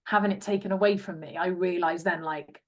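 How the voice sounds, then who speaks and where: A chatty young woman from England talks as a podcast guest in a lowish voice. She tells her story with lively bits of quoted dialogue, voicing the people she remembers. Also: a little fast. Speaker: guest, former rugby player. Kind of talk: casual interview chat.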